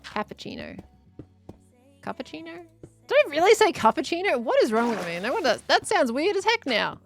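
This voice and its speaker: A young woman streams and chats in a loose, rambling way, answering her chat and laughing easily. Her voice sits a little high. Quiet music plays faintly under her talk. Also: very animated, quick pace. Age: 20s. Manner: rambling, chatty, laughs often, reads chat aloud. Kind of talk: casual live-stream chat.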